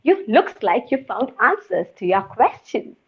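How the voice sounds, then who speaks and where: A kindly talking tree, as a woman storyteller puts it on, speaks in a high, friendly voice full of generosity. The storybook voice comes through a lo-fi recording. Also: sing-song, a little slow, husky, exaggerated voice. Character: generous, stunted old tree.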